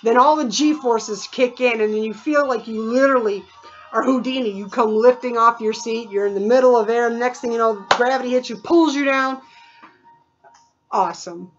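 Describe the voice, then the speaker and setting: A woman's voice: fairly high pitch, normal speed, muffled recording. A woman vlogging in a casual, rambling way, full of fillers and imitated sounds. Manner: chatty, digressive, with many fillers and imitated sounds.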